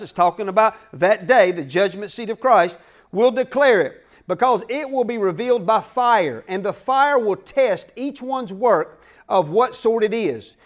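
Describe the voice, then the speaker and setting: A male pastor preaching a sermon, emphatic and folksy, calling out to the congregation. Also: extremely high pitch. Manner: folksy plain speech.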